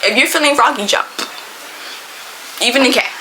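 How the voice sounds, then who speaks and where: A young woman telling a storytime to camera, animated, emphatic and slangy. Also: high voice, moderate pace, slight background noise, rough recording. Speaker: storytime vlogger.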